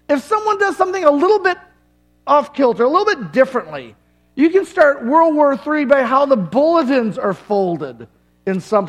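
Male pastor, middle-aged, very high voice, punchy sermon delivery with jokes and long pauses. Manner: emphatic preaching with dramatic pauses and humor.

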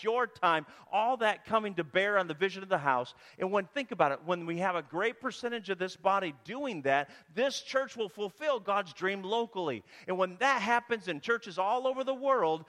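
Guy preaching in a church, kinda high voice, lots of hall echo, gets animated telling stories. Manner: animated storytelling with bursts of emphasis. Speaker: guest preacher. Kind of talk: sermon. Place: church sanctuary.

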